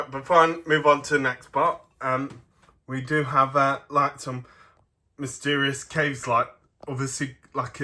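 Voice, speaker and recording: A man's voice: medium pitch, pushed and bright. A young man giving a casual review of a toy set, rambling and hesitant with many ums.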